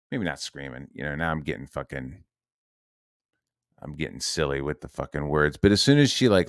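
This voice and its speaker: Man, low voice, heated sweary rant, sarcastic, dry sound. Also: dry recording. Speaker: online commentator. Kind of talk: ranting monologue.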